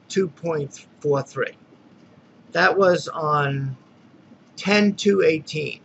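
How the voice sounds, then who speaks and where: A man's voice: sits high, fairly bright tone. A man venting in an irritated, exasperated rant as a dissatisfied customer in a complaint video. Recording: dull lo-fi recording with faint noise.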